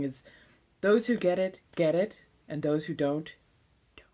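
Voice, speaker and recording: A woman with a Californian accent, chatting casually on a live stream, laid-back and swearing freely, now and then dropping into soft whispers. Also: sits low, measured pace. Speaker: ASMR streamer.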